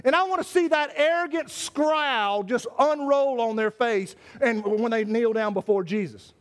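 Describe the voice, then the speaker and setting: A man's voice: very high-pitched, a little slow. A man preaching a sermon as pastor, impassioned, repeating and restarting phrases as he drives his points home.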